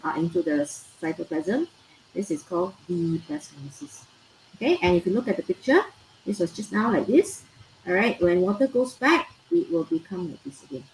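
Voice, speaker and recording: A woman with a Malaysian English accent teaching a biology class, often repeating herself and checking in with "all right?" and "okay?". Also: mid-range voice. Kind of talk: recorded online class lecture. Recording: echoey room with faint noise.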